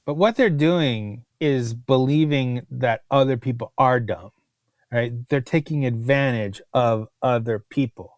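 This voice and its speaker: A man, a food writer chatting as a podcast guest, telling stories with animated disbelief. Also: medium pitch, a little slow, no echo. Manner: animated, incredulous storyteller. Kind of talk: casual podcast chat.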